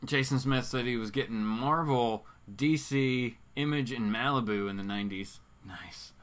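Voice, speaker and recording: A man with a bright, forceful voice hosts a relaxed live stream about comics. He reads viewer comments aloud and answers them in a loose, rambling way, full of fillers and restarts. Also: mid-range voice, normal speed. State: hiccups. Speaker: host of a comics talk show.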